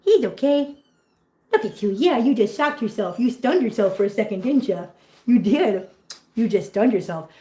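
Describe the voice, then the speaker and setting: A woman vlogging at home with her cats, switching between soft baby talk to kittens and chatty asides to viewers. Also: a little high, animated, moderate pace, echoey room, poor audio. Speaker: cat channel vlogger. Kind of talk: casual vlog chat.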